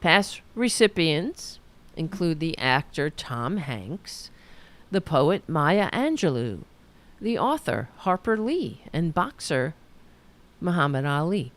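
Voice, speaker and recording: A woman hosting a political talk show, reading a news article aloud and breaking off into sarcastic asides. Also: slow pace. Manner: sarcastic asides while reading, lively pitch. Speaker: political podcast host.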